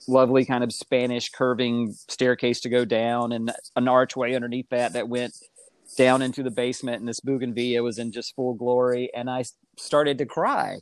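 A middle-aged man telling his life story in casual conversation, animated and acting out the voices he quotes. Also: no echo. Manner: animated, acts out quoted voices with big pitch jumps.

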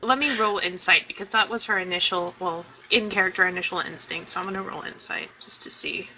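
A woman's voice: on the low side, steady tone, brisk, pushed and bright, slight background noise, low-quality recording. A woman playing a tabletop game, thinking aloud hesitantly about her character's moves. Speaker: player. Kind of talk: tabletop role-play.

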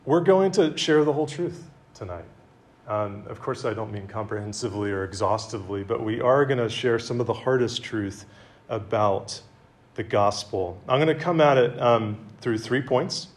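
A man giving a conversational sermon to a campus group, with self-deprecating humor and a relaxed, chatty delivery. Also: lowish voice, normal speed. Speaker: campus ministry speaker. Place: meeting room with an audience.

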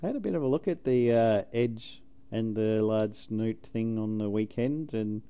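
A man's voice: on the low side, normal speed, warm tone, clear, resonant tone. A middle-aged man co-hosting a tech podcast, reading news aloud with jokey asides. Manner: jokey, drops in silly sound effects.

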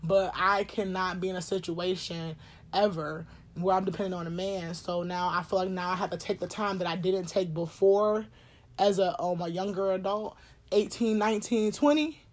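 A woman, telling a personal story in a blunt, animated way, swearing and laughing often. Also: on the low side, normal speed. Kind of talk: casual storytime chat.

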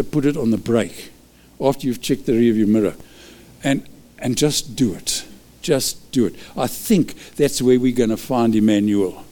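A male pastor preaching a sermon, lively and chuckling, driving points home with short repeated calls to act. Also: medium pitch.

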